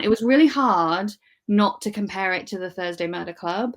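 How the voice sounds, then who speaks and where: A woman's voice: medium pitch, moderate pace. A woman in her thirties chatting casually and enthusiastically about books she has read, often correcting herself mid-sentence. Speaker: podcast co-host. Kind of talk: casual book chat.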